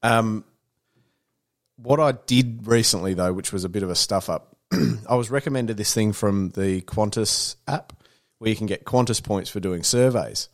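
A man in casual chat, blunt and sweary, clearing his throat now and then. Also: lowish voice, moderate pace.

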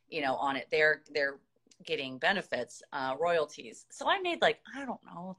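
A woman in her thirties from the United States, telling a story in a chatty, animated way, laughing often as a podcast guest. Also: lowish voice. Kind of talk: casual storytelling.

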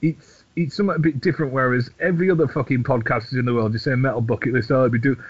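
Sweary man, husky voice. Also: mid-range voice, steady tone, very fast. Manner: sweary, rambling, self-mocking. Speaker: podcast co-host. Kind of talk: casual chat. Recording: dull lo-fi audio.

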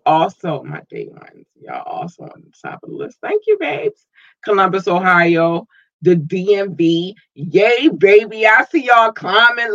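A man hosting a podcast, playfully giving casual shout-outs to his listeners and jumping into high squeals. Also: no echo, muffled recording. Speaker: podcast host.

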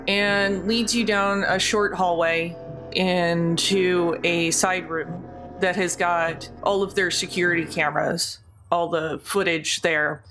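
A woman game master narrating a tabletop role-playing game in a relaxed, descriptive, chatty way. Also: on the low side, slow pace, music in the background.

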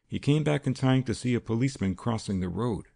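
A man narrating a period crime novel in a steady, measured reading. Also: medium pitch, gravelly. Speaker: audiobook narrator. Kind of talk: scripted narration.

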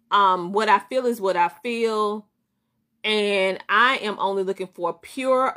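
A woman's voice: medium pitch, a bit bright. A woman with a Southern US accent, a business coach hosting a motivational live stream, who talks emphatically and repeats her points. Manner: emphatic, repetitive, greets viewers by name. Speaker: business coach and show host.

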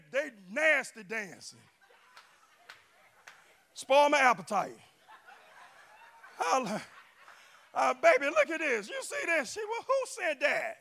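Pastor guy hollering a sermon at church, real high gravelly voice, calls on the crowd to answer back. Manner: shouting, chanting preacher with call-and-response. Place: church sanctuary.

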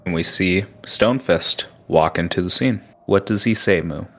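Man narrating a tabletop game, low voice, describes scenes and asks players what they do. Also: normal speed, fairly bright tone. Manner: descriptive, with restarts. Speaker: game master.

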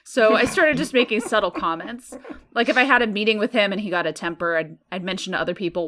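A woman's voice: mid-range voice, fast talker, fairly bright tone. Woman reading a post out on a chat podcast, amused and wry. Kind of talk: reading aloud with casual chat.

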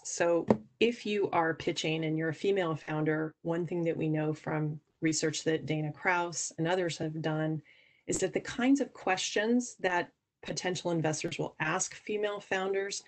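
A woman guest on a podcast, explaining earnestly how investors judge founders, often restarting her sentences. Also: lowish voice. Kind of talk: podcast interview answers.

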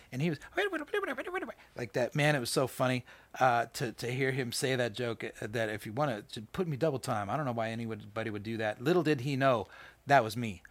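A man hosting a podcast, reading scripture and commenting in a casual, fast, animated way with many fillers and restarts. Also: mid-range voice, dry recording. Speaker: podcast host.

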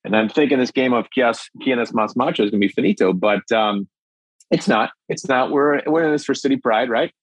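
A man in his fifties from Minnesota, a filmmaker and actor telling a story in a lively, animated way over a video call. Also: medium pitch, fairly quick, breathy edge, no room sound, rough recording. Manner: lively, acts out voices, stammers on restarts.

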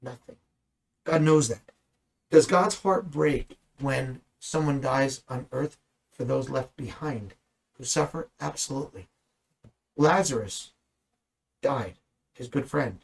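A man's voice: mid-range voice, breathy edge, rough recording. A man teaching the Bible in a conversational way, earnest and at times emphatic. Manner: earnest, rising to emphatic bursts.

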